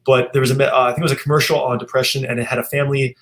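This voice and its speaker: A man's voice: mid-range voice, flat delivery, rapid-fire. A man, a chiropractor guest on a podcast, telling earnest stories with many restarts. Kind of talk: podcast interview chat.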